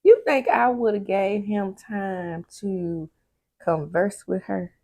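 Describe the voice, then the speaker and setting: A woman's voice: medium pitch, slow pace, mellow, no room sound, clean studio sound. A woman chatting candidly through a casual TV episode recap, with laughing asides and a sleepy air. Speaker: TV recap vlogger.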